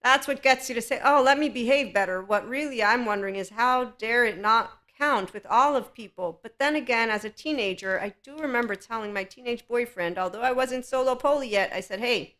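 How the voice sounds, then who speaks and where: A woman with a bright, forward tone hosts a solo spiritual self-help podcast. She speaks frankly and with strong opinions, and often breaks into laughter between thoughts. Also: a little high, fairly quick, hardly any pauses. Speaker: podcast host.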